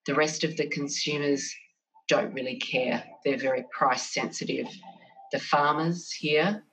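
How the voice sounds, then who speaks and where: A woman in middle age, a business guest in an interview, speaking in a measured, thoughtful way with some restarts. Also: low-pitched, steady tone, a bit bright, far from the mic, low-quality recording. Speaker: business development manager, guest. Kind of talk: conversational interview.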